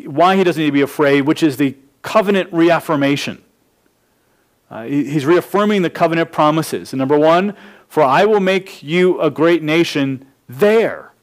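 A man, a pastor, teaching a verse-by-verse sermon, laying out numbered points with frequent restarts. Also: fairly high pitch.

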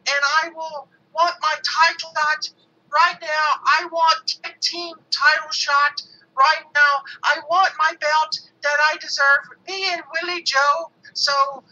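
A woman's voice: high-pitched, fairly even intonation, slow pace, pushed and bright, exaggerated voice. A woman on a call voicing a boastful male heel wrestler who rants and repeats threats. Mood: angry. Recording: dull phone line.

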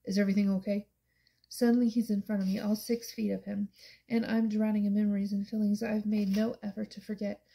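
A woman reading a first-person novel aloud, soft and intimate, at times near a whisper. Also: medium pitch, level tone, a little fast, creaky, poor audio. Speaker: audiobook narrator. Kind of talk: first-person audiobook narration.

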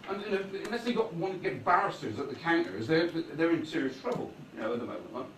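Brief: male speaker, rambling chatty talk, slightly high voice, distant mic in a reverberant hall. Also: big pitch swings, quick pace, a bit bright, a little hiss or hum. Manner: conversational, keeps checking in with "right?". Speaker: guest speaker. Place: meeting hall before an audience. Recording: echoey hall recorded from afar.

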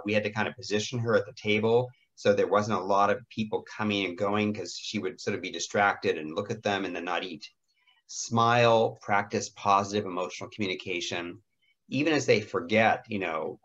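A middle-aged man with a raspy voice giving a lecture on caring for people with dementia, gentle and often clearing his throat. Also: fairly low pitch, lo-fi sound. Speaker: dementia care educator. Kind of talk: lecture presentation with slides.

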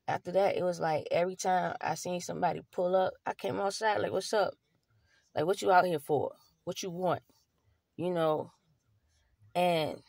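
A woman's voice: fairly low pitch, a little mellow, dry recording, clean studio sound. A young woman vlogger telling her own story to camera, candid and street-casual, with plenty of swearing and fillers. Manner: blunt, profane, street-casual talk with many fillers.

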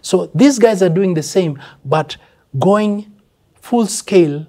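A man's voice: high-pitched, expressive, slow, dark tone. An older man with a Kenyan accent, a veteran musician speaking bluntly and emphatically in a casual interview, dropping in Swahili phrases.

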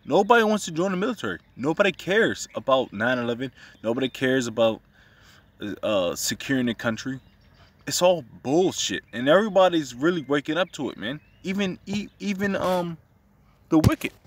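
A man's voice: fairly high pitch, big pitch swings, normal speed, distant mic. A man giving casual religious commentary, profane and agitated, returning to the same phrases again and again.

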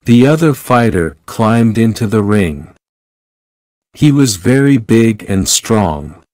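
Very slow male audiobook narrator. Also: fairly low pitch, animated, darkish tone, no echo. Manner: slow, clear reading for learners. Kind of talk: graded reader audiobook narration.

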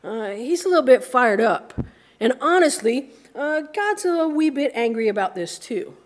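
A woman's voice: high-pitched, very animated, normal speed. An American woman pastor giving a conversational sermon, acting out the voices of people in the story now and then. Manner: conversational, acts out grumbling voices.

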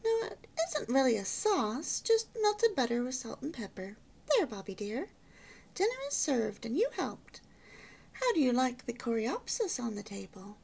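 A woman's voice: a little high, big pitch swings, normal speed, gravelly, husky, full character voice. A woman voicing a cheerful young newlywed housewife who chats eagerly and proudly about her home. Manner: bright, chatty and eager.

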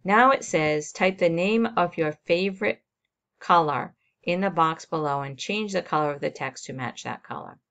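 A woman teacher narrates a screen recording, guiding students through a software assignment step by step and describing each click. She speaks at a normal speed in a fairly low voice.

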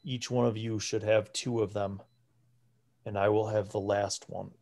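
A man voicing a frail, atrophied old male priest who speaks quietly and earnestly. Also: lowish voice, little pitch movement, a little slow. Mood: instructive. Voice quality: soft and quiet.

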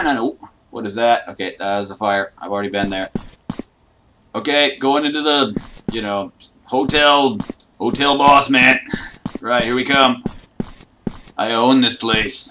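A man playing a horror game and commenting as he goes, joking and boasting, with trash talk and sudden yelps and shouts. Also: medium pitch, noisy background. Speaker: gaming YouTuber.

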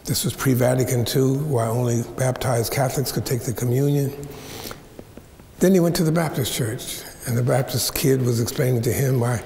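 A man's voice: medium pitch, normal speed, gravelly, warm tone, a little hiss or hum. A man in his seventies, a preacher lecturing at a seminary, who tells folksy stories with playful asides. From United States. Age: 70s. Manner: folksy storyteller, playful asides, stretches words for effect. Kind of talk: storytelling lecture. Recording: echoey hall with long reverb.

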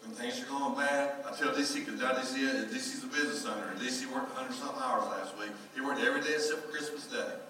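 A man's voice: medium pitch, fast, few pauses. Folksy man preaching. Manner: folksy storytelling, animated. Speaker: pastor. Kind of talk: sermon. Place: church sanctuary. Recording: echoey hall from far off.

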